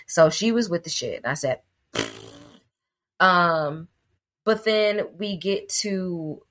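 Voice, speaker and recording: A woman co-hosting a podcast, retelling a film in a casual chat with an animated, profane manner. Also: lowish voice, slow, long pauses. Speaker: podcast co-host reviewing a film.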